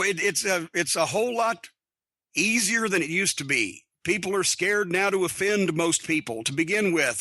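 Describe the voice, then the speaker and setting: A man's voice: high-pitched, pushed and bright, dry recording. A middle-aged man hosting a podcast, telling blunt, profane locker-room stories in a casual, wry way. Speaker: podcast host. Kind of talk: casual storytelling monologue.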